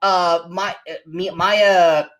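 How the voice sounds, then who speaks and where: A man co-hosting a casual movie review show, animated and mocking, often acting out quotes from scenes. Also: sits high, takes it slowly, dull audio. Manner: animated, mocking, acts out quotes in silly voices. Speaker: podcast co-host.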